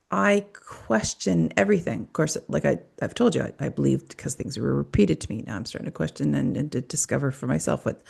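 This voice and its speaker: Her low, creaky, slightly mellow voice carries a podcast host's loose, meandering monologue. She swears often and breaks off mid-thought again and again.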